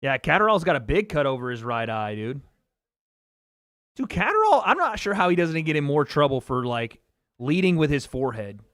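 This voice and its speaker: A man's voice: a little high, very animated, moderate pace, fairly bright tone. A man hosting a livestream watch party, talking loosely with chat, swearing and laughing as he reacts to the fights. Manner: loose, profane, laughing, chatting with viewers. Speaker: livestream host. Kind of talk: casual live reaction commentary.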